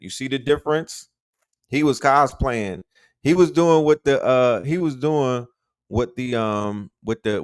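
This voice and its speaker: A man's voice: mid-range voice, no echo, studio quality. A middle-aged man from Harlem, talking casually about hip hop history in a slangy, emphatic way and repeating points for emphasis. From Harlem, New York. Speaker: podcast host.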